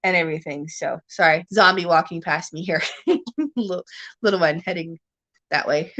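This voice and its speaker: A woman's voice: on the low side, normal speed, fairly bright tone. A woman from Ontario with a Canadian accent, hosting a rambling, casual chat at home and laughing often. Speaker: livestream host. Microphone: camera on a stand.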